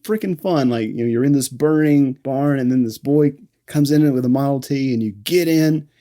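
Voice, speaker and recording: A man's voice: medium pitch, moderate pace, mellow. A man co-hosting a film podcast, talking in a rambling, enthusiastic way and laughing often. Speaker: podcast co-host. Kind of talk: casual film discussion podcast.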